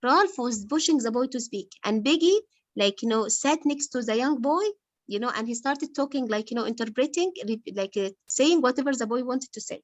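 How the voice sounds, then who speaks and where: Enseignante, arabe, voix assez aiguë, son sec et proche : explique un roman à sa classe avec patience, pose des questions aux élèves. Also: female voice, a little high, lively intonation, moderate pace, dry recording. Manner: patient, quizzes pupils, many fillers like "like". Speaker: English literature teacher. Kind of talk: explaining a novel to a class.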